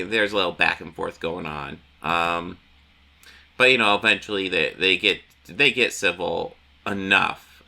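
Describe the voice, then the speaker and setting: A man's voice: deep voice, creaky, bright, forceful tone. A man casually recapping a comic book issue, rambling with frequent restarts and the odd swear word.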